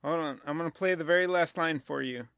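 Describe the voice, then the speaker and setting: A man's voice: on the high side, fast talker, fairly bright tone, clean tone, no echo, studio quality. A man co-hosting a casual film podcast, hesitant and wry, often laughing as he talks. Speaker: podcast co-host.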